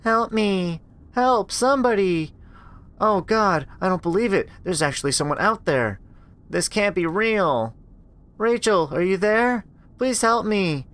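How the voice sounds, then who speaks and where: A man voicing a monster that mimics a scared little girl, with a high pleading voice that turns into threats. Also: expressive, measured pace, fairly bright tone.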